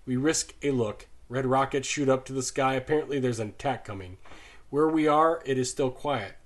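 Man, audiobook narrator, measured reading, mid-pitched voice, soft low delivery in grim passages. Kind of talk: audiobook reading of a war novel.

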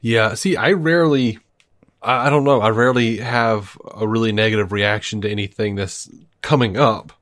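A man's voice: fairly low pitch, fairly bright tone. Chuckling male podcast host. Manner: laughs often, halting restarts. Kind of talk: casual podcast chat.

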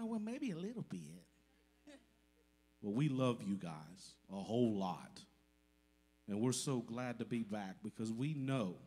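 A man with a husky, slightly breathy voice stands before his congregation and gives a heartfelt testimony. He speaks with emotion and deep gratitude, from the heart. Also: darkish tone. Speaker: church member addressing the congregation. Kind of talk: heartfelt testimony in a church service.

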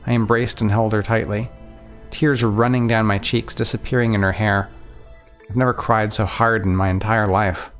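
A man reading a visual novel aloud in earnest, steady first-person narration. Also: on the low side, moderate pace, faint music behind. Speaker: let's play narrator.

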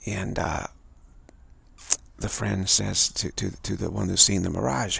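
Gravelly low-voiced man giving a spiritual talk. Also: fairly even intonation, pushed and bright. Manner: halting, repeats words and restarts; acts out quoted voices in a story. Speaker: spiritual teacher.

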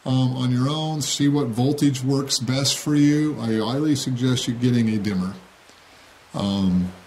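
A man's voice: medium pitch, measured pace, darkish tone, slight background noise. A man giving a casual how-to tutorial on a hobby build, plain-spoken and checking in with "okay?" after each step. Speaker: model railroad hobbyist demonstrating.

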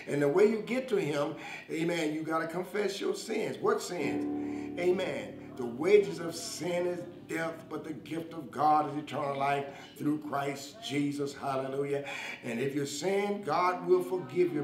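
A man preaching a sermon with fervent emphasis and repeated call-outs to his listeners. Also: a little high. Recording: echoey room with music behind. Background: guitar music.

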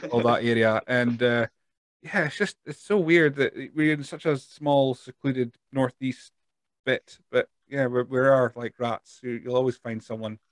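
A Scottish podcast host with a middle-pitched voice who rambles through loose, laughing asides. The sound is dry and close with no room around him. He swears in passing and keeps things casual. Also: steady tone, measured pace, no room sound. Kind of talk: casual interview chat.

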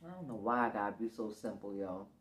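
A tired, sleepy woman hosting a casual eating show, talking slowly between bites. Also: a bass voice, expressive, reverberant. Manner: drowsy, unhurried, talks between bites. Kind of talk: casual mukbang chat.

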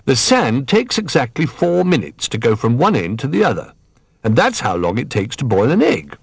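A man playing a patient, know-how toy bear in a storybook, explaining things step by step in a lifted, lively voice. There is a slight husk, recorded close and dry. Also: mid-range voice, normal speed, vocal fry, breathy edge, dry recording, pitched above the performer's own voice, exaggerated voice. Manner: explaining, gently instructive.

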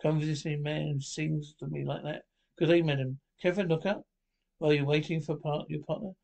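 Gravelly man reading a comedy script. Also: on the high side, steady tone, darkish tone. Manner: switches between characters in quick back-and-forth. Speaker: reader voicing a film script.

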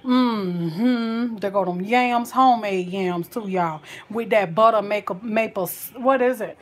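A woman's voice: medium pitch, measured pace. A young woman, chatting casually to her viewers while showing her home cooking, full of exclamations. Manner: animated, exclaims "child, honey" often. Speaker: cooking vlogger.

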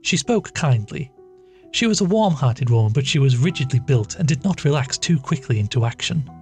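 A man's voice: medium pitch, expressive, normal speed, a little mellow. Man narrating a classic story. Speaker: podcast narrator. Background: faint music.

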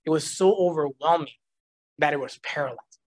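A man with a voice on the high side, speaking at normal speed, gives a personal testimony at church. He tells his story with animation, laughs often, and acts out the voices in quotes.

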